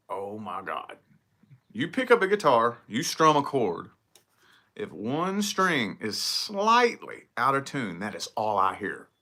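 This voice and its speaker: Lively, bright-voiced man rambling on a vlog. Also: medium pitch. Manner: rambling, self-critical, swears freely. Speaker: vlogger. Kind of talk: casual solo vlog talk.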